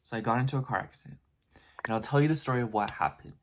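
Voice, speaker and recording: A man's voice: medium pitch, fast talker. A young man telling a story in a casual vlog, rambling and filling his talk with "like" and "you know". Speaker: vlogger.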